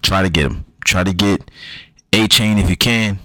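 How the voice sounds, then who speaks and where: A man's voice: low voice, normal speed, sharp tone, no room sound, low-quality recording. A man talking loosely and casually through fantasy football advice, slangy and repetitive, with frequent ums and the odd curse.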